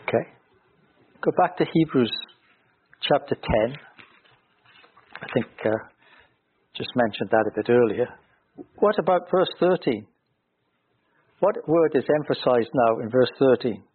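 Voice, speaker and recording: A man's voice: mid-range voice, expressive, unhurried, long pauses, breathy edge. A man teaching from the Bible in an earnest, explanatory way, pressing hard on key words. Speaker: preacher. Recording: thin phone-like radio broadcast.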